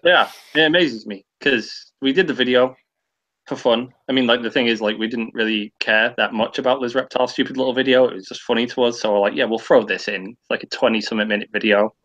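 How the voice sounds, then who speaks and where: Man ranting, casual stream chat, sweary, lots of fillers, middle pitch. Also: fairly even intonation, fast talker, a bit bright, muffled recording. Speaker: guest on a stream.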